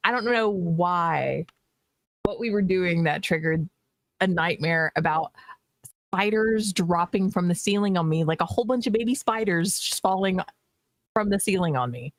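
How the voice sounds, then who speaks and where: Expressive woman co-host reading chat. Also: lowish voice, normal speed, dry recording, clean studio sound. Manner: expressive, laughing, playfully exasperated. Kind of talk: casual game stream chat.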